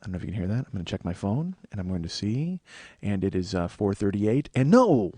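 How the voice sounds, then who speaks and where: A man's voice: fairly low pitch, big pitch swings, fast, warm tone, breathy edge, no echo. American man, forties, podcast host, rambling profane comedy monologue, dry close sound. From United States. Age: 40s. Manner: rambling, profane and self-mocking.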